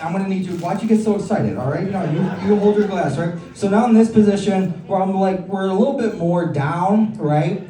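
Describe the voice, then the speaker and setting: A brash man works the crowd in a stand-up set, crude and teasing, his voice a touch high for a man. He sounds roomy and set back from the mic in a live comedy club, with audience laughter audible behind him. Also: fairly quick, few pauses, dark tone, distant mic.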